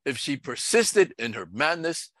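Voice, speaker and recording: A middle-aged man, a pastor, recounting a story in an earnest, measured sermon style. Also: fairly high pitch, big pitch swings, sharp tone, no echo.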